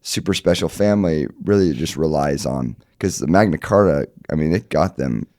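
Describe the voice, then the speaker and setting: Sick man with a deep, dark voice. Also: moderate pace, no room sound, clean studio sound. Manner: deadpan, trolling, fillers like "right?". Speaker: podcast co-host. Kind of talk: casual chat.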